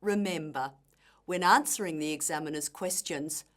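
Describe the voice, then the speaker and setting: A woman teacher giving slow, deliberate, scripted explanations of pronunciation points. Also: deep voice. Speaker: language teacher. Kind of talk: scripted instructional narration.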